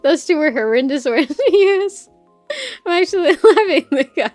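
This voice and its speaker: A woman streamer chatting casually while she draws, loud and crude, rambling and laughing often. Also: sits high, animated, normal speed, no echo, faint music behind.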